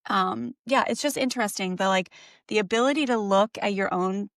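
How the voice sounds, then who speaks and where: A woman's voice: medium pitch, normal speed, vocal fry, no echo, studio quality. A middle-aged woman co-hosting a parenting podcast, telling a story in a chatty, casual way with lots of fillers and self-corrections.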